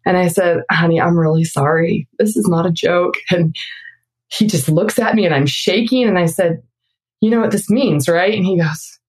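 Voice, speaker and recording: Laughing storytelling woman, lowish voice. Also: moderate pace. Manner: lively retelling with frequent laughter. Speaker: interview guest, mother of six. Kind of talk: storytelling in a conversational interview.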